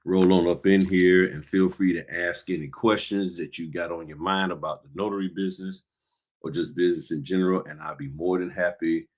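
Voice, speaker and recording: A man's voice: low-pitched, fairly even intonation, fairly quick. A man hosting a casual livestream about the notary business, slightly winded, greeting viewers by name while he works on paperwork. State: a little winded.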